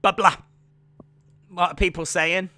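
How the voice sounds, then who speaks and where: A man co-hosting a casual podcast live stream, playful and excitable, often slipping into silly voices. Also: sits high, unhurried, no room sound. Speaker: podcast co-host.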